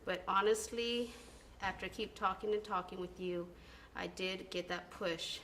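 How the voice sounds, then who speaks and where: A young woman delivers a sincere recorded tribute to a former mentor. She speaks earnestly, pausing on ums and correcting herself. A faint background noise sits under her voice. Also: mid-range voice, steady tone, a bit bright. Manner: earnest, halting, with filler ums. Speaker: former band student.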